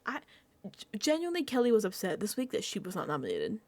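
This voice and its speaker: A woman doing casual recap commentary on her vlog, animated and profane and laughing often. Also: mid-range voice, quick pace. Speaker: reality TV recap vlogger.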